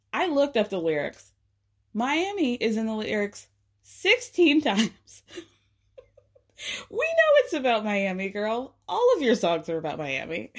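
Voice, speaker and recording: A woman giving casual recap commentary with sarcastic asides and frequent laughs. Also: fairly high pitch. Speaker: recap vlogger.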